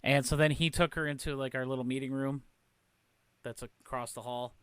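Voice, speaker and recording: A man's voice: medium pitch, fairly even intonation, normal speed, fairly bright tone, clean tone, no echo. A man co-hosting a podcast in casual chat, recounting an incident step by step. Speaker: podcast co-host.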